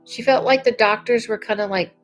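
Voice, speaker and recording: A woman giving live psychic readings to viewers, chatty and unhurried with frequent fillers. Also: fairly high pitch, fairly even intonation, soft background music, poor audio. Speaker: psychic medium.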